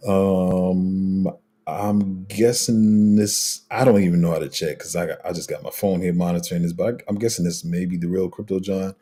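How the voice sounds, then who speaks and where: Dude on a livestream, low husky voice, rambly, lots of um and like. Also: male voice, fairly even intonation, normal speed, mellow. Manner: rambling, many fillers and restarts, laid-back slang. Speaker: crypto livestream host. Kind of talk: casual livestream chat reading viewer comments.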